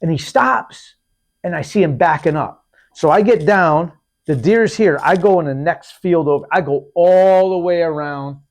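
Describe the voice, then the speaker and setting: A man hosting a podcast, telling a hunting story in a lively, casual way, acting out what people said and often restarting his sentences. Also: fairly high pitch, normal speed. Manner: animated, acts out quotes, repeats and restarts. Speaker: podcast host.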